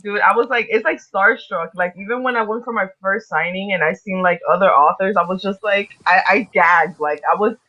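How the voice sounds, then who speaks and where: A woman author chatting casually as an interview guest, excitable and slangy, laughing often. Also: mid-range voice, brisk, hardly any pauses, lo-fi sound. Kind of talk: casual chat.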